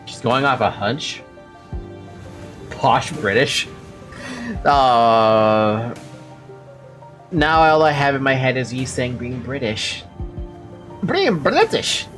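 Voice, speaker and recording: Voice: mid-range voice, slow, fairly bright tone, soft background music. A streamer giving casual, joking commentary while reading a game, swearing freely. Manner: casual, swears, jokes about accents.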